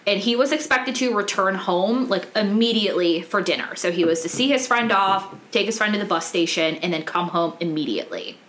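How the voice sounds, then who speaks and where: A woman's voice: medium pitch, animated, fairly quick, hardly any pauses, fairly bright tone. A woman hosting a true crime podcast, telling the case in a candid, casual way with many ums. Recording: roomy echoey room.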